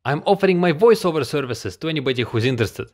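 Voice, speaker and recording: A man doing a showy Russian-accented voiceover demo as a playful sales pitch, spoken into a phone microphone. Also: expressive, fast talker. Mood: hammy. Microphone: phone microphone with a sock over it.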